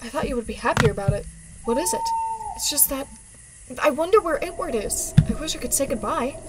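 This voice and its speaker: A woman's voice: sits high, expressive, fairly quick, very noisy. A woman voicing an anxious, earnest little girl in a video game. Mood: wistful. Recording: game music playing underneath.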